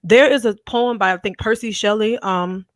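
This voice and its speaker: Woman guest caller, forceful preachy commentary, dry recording. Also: mid-range voice, moderate pace, no echo. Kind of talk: heated commentary.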